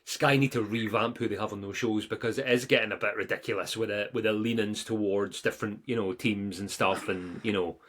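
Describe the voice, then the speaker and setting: A man's voice: fairly low pitch, steady tone, brisk, few pauses, fairly bright tone. A young Scottish man co-hosting a live football podcast, chatting casually and animatedly, laughing often and mimicking players and pundits. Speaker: podcast co-host.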